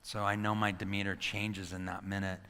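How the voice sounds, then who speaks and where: Animated male motivational speaker in a hall. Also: deep voice, moderate pace, a little hiss or hum. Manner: animated storytelling, acting out scenes, quizzing the audience. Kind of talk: motivational talk to a live audience. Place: hall with a live audience. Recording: long reverb of a large hall.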